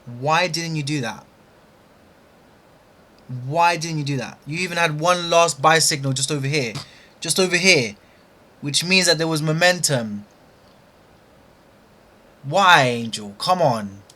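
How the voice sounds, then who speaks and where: A man's voice: on the high side, unhurried, pauses often, sharp tone. A young man commenting on his own live trading session, frustrated and scolding himself aloud over a missed trade.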